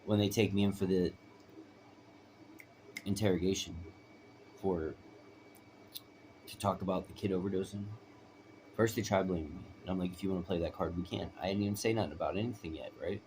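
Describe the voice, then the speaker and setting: A man with a deep, low voice tells his own story in a loose, rambling way. He presses his points hard and keeps checking in with "right?" A light background noise runs under the recording. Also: fairly even intonation, fairly quick, long pauses. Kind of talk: personal storytelling.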